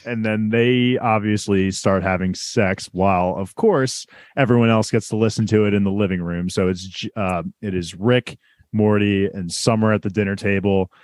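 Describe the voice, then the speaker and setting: A man with a lowish voice co-hosts a casual recap chat, rambling through explanations with plenty of "like"s. The sound is close and dry, with no room echo. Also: steady tone, moderate pace, a little mellow. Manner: rambling, filler-heavy explaining. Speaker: podcast co-host.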